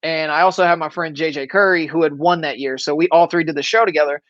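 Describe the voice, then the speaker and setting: A man's voice: on the high side, fairly even intonation, fast talker, fairly bright tone, no echo, highs cut off. A male stand-up comedian from Florida telling anecdotes in casual chat, acting out quoted lines along the way.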